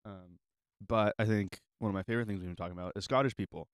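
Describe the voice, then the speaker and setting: A man's voice: lowish voice, fairly even intonation, quick pace, clear, resonant tone, no echo, clean studio sound. A man hosting a casual podcast chat, laid-back, with lots of short replies while his guest talks.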